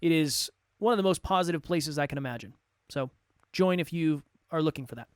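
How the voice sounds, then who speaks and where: A man's voice: a little high, fairly quick, clear, resonant tone, dry recording, clean studio sound. A man co-hosting a motivational podcast, joking around and talking in an upbeat way. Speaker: podcast co-host and coach.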